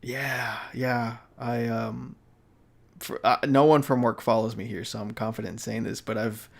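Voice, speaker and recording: A man's voice: mid-range voice, steady tone, unhurried, gravelly. Tired young man rambling on stream. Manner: rambling with many fillers and restarts, laughs often. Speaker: live streamer. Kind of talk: casual chat.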